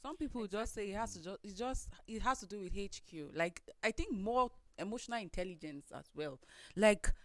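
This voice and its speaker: A woman's voice: medium pitch, animated, normal speed, few pauses, no room sound. A woman with a Nigerian accent, co-hosting a studio talk show and explaining her view earnestly.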